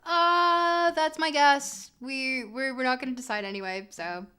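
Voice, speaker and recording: A woman's voice: high-pitched, unhurried, bright, forceful tone, clean tone. A woman streamer giving casual, joking commentary while playing, talking straight to her chat. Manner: chatty and joking, answers chat directly.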